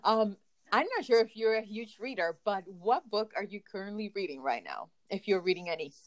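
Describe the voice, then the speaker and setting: A woman's voice: medium pitch, expressive, a little fast. A woman with a foreign accent hosting a casual podcast chat, upbeat and giggly, often trailing off mid-sentence. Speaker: podcast host.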